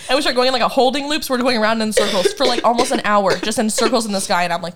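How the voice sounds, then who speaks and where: A woman's voice: fairly high pitch, racing, hardly any pauses, a bit bright. A woman in her twenties chatting casually as a podcast co-host, telling a rambling, dramatic story full of laughs. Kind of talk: casual chat.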